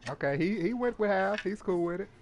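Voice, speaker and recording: A man's voice: sits high, animated, a little fast, a little hiss or hum. A man giving casual, teasing commentary over a video, often chuckling. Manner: laughing, teasing asides. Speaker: reaction streamer.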